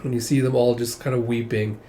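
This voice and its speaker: Casual comic reviewer, male, mellow and easygoing, reads the dialogue aloud. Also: medium pitch, level tone, brisk, a little hiss or hum. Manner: paraphrases and reads quoted dialogue, "he's like". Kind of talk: casual comic read-through.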